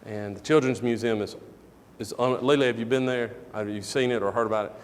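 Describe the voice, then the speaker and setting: A middle-aged man preaching a sermon in a church, telling a personal story with animated energy and loud bursts in the quoted moments. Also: mid-range voice, brisk, big-room sound. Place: church sanctuary.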